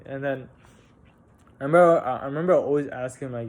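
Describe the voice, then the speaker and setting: A young man casually telling a personal story on a vlog, halting and candid, with frequent restarts, fillers and casual swearing. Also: medium pitch, a little mellow. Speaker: vlogger.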